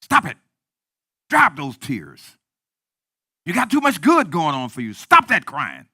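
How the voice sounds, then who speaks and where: A man's voice: fairly high pitch, huge pitch swings, takes it slowly, pushed and bright, breathy edge, no room sound, studio quality, voice pushed up, exaggerated voice. A man voicing a stern older church woman who firmly orders a crying girl to stop. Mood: scolding. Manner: firm, commanding.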